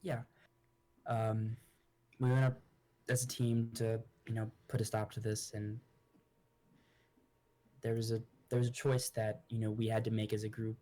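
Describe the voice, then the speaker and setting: A man's voice: on the low side, little pitch movement, a little slow, pauses often, warm tone, lightly acted. A man playing an earnest, rambling noblewoman. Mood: sorrowful. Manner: rambling and hesitant, with many restarts. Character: grieving noblewoman adventurer, earnest.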